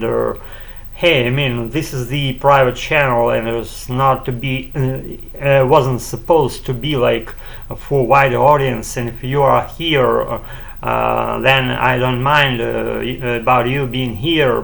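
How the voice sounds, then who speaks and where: Halting man with a gravelly voice. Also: medium pitch, a bit bright. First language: Ukrainian. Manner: halting, full of fillers and restarts, casual swearing. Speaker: channel host practicing spoken English. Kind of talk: rambling solo monologue. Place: at home.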